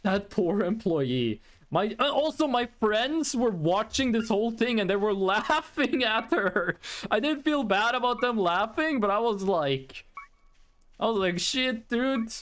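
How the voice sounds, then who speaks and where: A man's voice: sits high, big pitch swings, unhurried, a bit bright. A man who grew up in Norway, telling a rambling story to his live chat as a streamer, and he breaks off to answer viewers.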